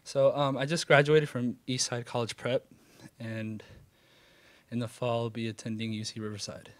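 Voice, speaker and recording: A man's voice: medium pitch, level tone, moderate pace, dry recording. A young man in his late teens from California, answering interview questions thoughtfully and hesitantly, with many fillers. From California, USA. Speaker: interviewee, dancer. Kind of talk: casual interview.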